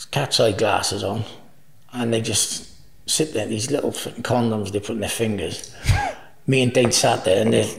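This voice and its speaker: Creaky and medium in pitch, this forties-aged man guests on a podcast, rambling through anecdotes with lots of laughter and free swearing. The interview is casual storytelling, and the room adds a roomy echo.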